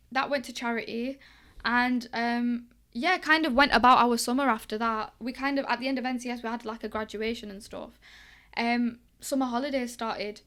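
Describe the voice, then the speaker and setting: A young woman from England, a boxing coach appearing as a guest, has a clean tone on the high side. She spins stories in an easygoing interview, lively and chatty, acting out the quoted exchanges.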